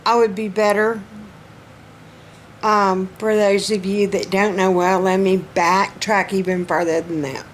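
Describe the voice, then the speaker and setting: A middle-aged woman with a warm Southern accent talks unhurriedly to her viewers, folksy and chatty, with many pauses and restarts. Her throat sounds strained as she goes on. A faint noise sits under the recording. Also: mid-range voice, flat delivery. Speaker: vlogger. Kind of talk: casual personal update vlog.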